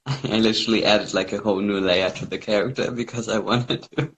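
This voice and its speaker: A man's voice: lowish voice, fairly quick, a bit bright. A young man chatting casually as a livestream guest, laughing and self-mocking. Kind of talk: casual chat. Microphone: phone.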